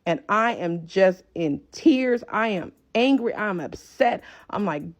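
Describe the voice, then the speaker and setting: A woman's voice: medium pitch, lively intonation, slow. A woman telling an emotional story to her viewers in an urgent, direct way.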